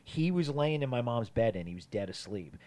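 A man's voice: medium pitch, animated, a little fast, dark tone. A young adult man co-hosting a podcast, telling a personal story in casual, rambling chat with lots of fillers and swearing. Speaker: podcast co-host.

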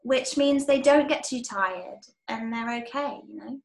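A woman co-host speaking enthusiastically in casual conversation, quick to affirm the other speaker. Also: a little high, gravelly. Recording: echoey room.

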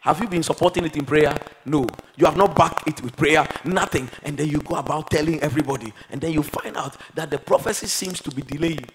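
A man preaching a sermon, moving between quiet, reflective passages and loud, emphatic exhortation. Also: fairly high pitch, fairly quick, hardly any pauses, background noise. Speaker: pastor.

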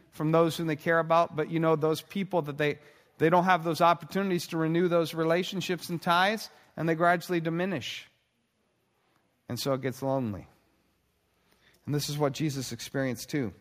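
A man preaching with earnest conviction, his fairly high voice carrying a long reverb through the hall. He slows and pauses to stress key moments. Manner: earnest, with dramatic pauses and slowed emphasis. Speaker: pastor. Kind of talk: sermon.

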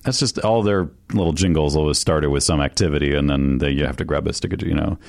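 A man co-hosting a podcast in casual chat, teasing and jumping in with quick quips and questions. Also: very deep voice, creaky, darkish tone. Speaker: podcast co-host.

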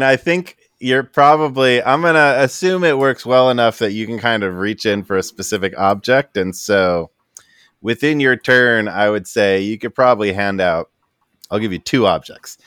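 Low-voiced man running a tabletop game. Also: clean tone, dry recording, studio quality. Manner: relaxed, hedging with "like" and "kind of". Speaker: game master.

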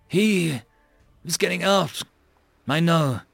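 Man voicing young Marine corporal, volatile, pushed high, raw edge, gravelly. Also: slow, a bit bright, no room sound, soft background music, heavily acted. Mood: grieving. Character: grief-stricken young male Marine corporal.

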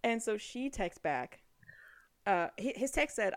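A woman's voice: medium pitch, animated, unhurried, creaky. Chatty woman recapping a story. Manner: chatty, laughs often, acts out lines of characters in passing. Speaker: podcast co-host recapping a book. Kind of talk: casual chat.

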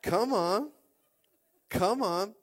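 A man in his thirties delivering a sermon with a fairly high voice. He is animated, slips into little acted quotes and keeps pulling the congregation in with calls back to them. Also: drawn-out words. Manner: animated, acts out quotes, keeps calling on the crowd. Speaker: pastor.

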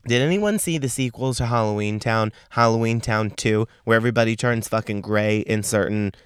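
A man in his thirties hosting a podcast, telling a story in a sassy, profane, animated rant. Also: on the low side, fairly quick, clean tone, dry recording, studio quality. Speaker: podcast host. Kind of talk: casual storytelling monologue.

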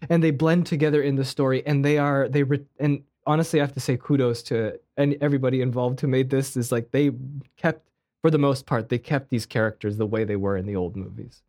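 A man in casual conversation, talking in an excitable, enthusiastic way. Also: medium pitch, brisk. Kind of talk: casual chat.

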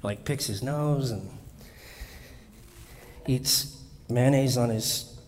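A man's voice: medium pitch, drawn-out words, a little mellow, a little hiss or hum. Guy preaching, chatty and joking, stumbles a bit, long echo in the hall. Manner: conversational and humorous, with restarts. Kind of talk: sermon.

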